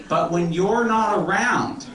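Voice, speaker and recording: A man's voice: on the high side, a bit bright, distant mic. A man with a Canadian accent doing a stand-up routine with dry, self-deprecating delivery. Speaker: stand-up comedian. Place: comedy club stage. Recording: echoey, noisy room from afar.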